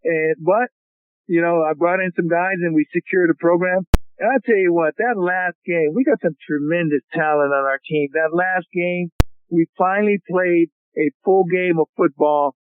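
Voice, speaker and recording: A man in his sixties, a college football coach, telling stories with energy during a phone interview and often calling the hosts "fellas". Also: a little high. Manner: animated storyteller who keeps addressing the hosts as "fellas". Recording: tinny phone line with hiss.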